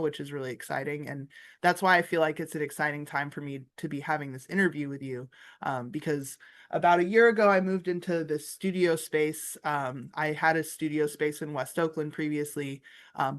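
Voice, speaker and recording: Chatty woman guest on a video call. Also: low-pitched. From Florida, USA. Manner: chatty, rambling, many filler words. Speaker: artist and comics teacher. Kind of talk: casual interview chat. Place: art studio, indoors.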